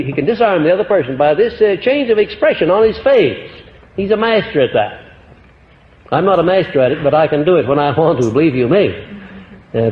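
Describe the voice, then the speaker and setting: A man from the United States giving a motivational lecture to a live audience, emphatic, swinging his pitch and loudness. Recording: dull old archival tape in echoey hall.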